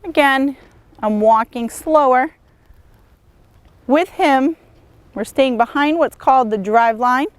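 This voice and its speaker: A woman horse trainer calmly demonstrating lunge work outdoors, encouraging and steady as she explains each step. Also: high voice, takes it slowly, pauses often, clean tone, no room sound. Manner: calm, encouraging, praises the horse often. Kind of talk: instructional demonstration.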